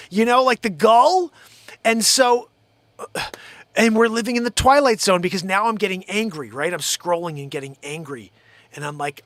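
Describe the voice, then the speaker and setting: A man's voice: high-pitched, animated, normal speed, a bit bright, no echo. Heated, profane man ranting. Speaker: show host. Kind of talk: live-stream rant.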